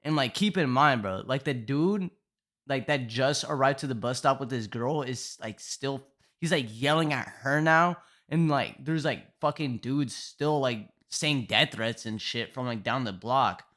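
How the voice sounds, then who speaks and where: A man's voice: mid-range voice, unhurried, a bit bright. A young man telling a storytime in casual, profane slang, rambling with constant fillers.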